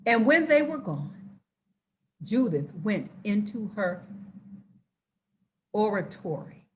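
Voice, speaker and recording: A woman reading scripture aloud and preaching on it with excitable energy that often rises into hollering. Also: mid-range voice, takes it slowly, slight background noise. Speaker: Bible teacher.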